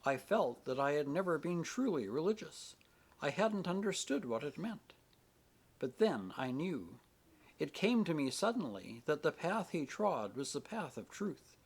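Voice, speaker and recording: A man voicing an earnest, devout young woman pleading gently with her father in an audiobook. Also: on the high side, sing-song, measured pace, vocal fry, husky, pitched above the performer's own voice, exaggerated voice. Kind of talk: audiobook character reading.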